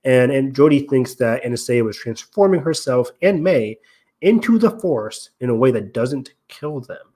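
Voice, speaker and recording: A podcast co-host with an ordinary-pitched male voice speaks at normal speed with a dark tone and plenty of expression. He analyzes story details at length, explaining as he goes, and his ums and restarts keep the casual talk loose.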